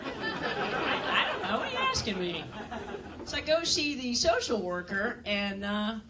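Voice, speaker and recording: A woman's voice: on the high side, sing-song, moderate pace, recorded from a distance, a loud crowd, very noisy. A woman doing a stand-up comedy set on a club stage, telling dry, self-mocking stories and acting out other people's voices.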